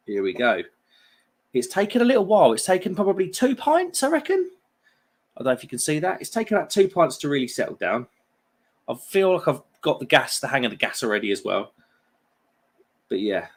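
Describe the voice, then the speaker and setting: A British man in his thirties hosts a beer livestream, chatting casually and reading out viewer comments in a jokey, friendly way. His voice sits in the mid range with a slightly bright quality.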